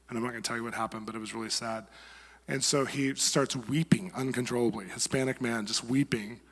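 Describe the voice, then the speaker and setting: Man, sermon storytelling, mid pitch, acts out voices, long church reverb. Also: fast. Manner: animated storyteller acting out quoted voices. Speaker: preacher. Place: church hall.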